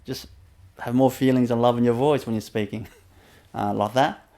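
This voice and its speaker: A man leads a meditation practice over a webinar, speaking in a mid-range voice with fairly even intonation at a moderate pace. As a spiritual teacher, he's gentle and repetitive, laughing softly and using many fillers.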